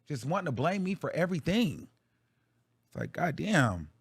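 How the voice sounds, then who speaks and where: A man's voice: mid-range voice, animated, fairly quick, slightly rough, dry recording. A man hosting a livestream, talking casually and bluntly to his viewers with plenty of profanity. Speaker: livestream show host.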